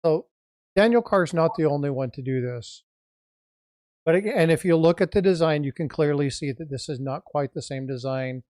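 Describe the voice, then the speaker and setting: A woman's voice: deep voice, moderate pace, dark tone, no echo. A woman hosting a casual livestream over a video call, explaining what is on her screen. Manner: explanatory, talks through screen sharing. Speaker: livestream host.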